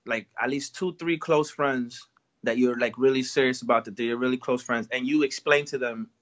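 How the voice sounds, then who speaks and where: A man's voice: mid-range voice, steady tone, moderate pace, dull audio. A man, a rapper from Washington Heights, talking casually in an interview in a laid-back, slangy way. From Washington Heights, New York. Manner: laid-back, slangy, peppered with "you know what I'm saying". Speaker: rapper guest.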